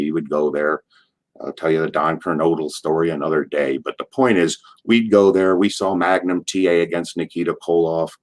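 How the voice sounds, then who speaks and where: A man from Allentown, Pennsylvania, a wrestler, telling rambling backstage stories in an interview, swearing casually and restarting his sentences. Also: sits low. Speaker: retired pro wrestler, interview guest. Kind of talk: rambling anecdotal storytelling.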